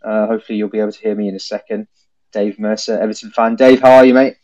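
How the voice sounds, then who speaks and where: A man's voice: fairly low pitch, steady tone, fast talker, a little mellow, dull audio, a little hiss or hum. Chatty male podcast host on a phone. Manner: chatty, laughs easily, calls people mate. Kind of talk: casual chat on a phone-in.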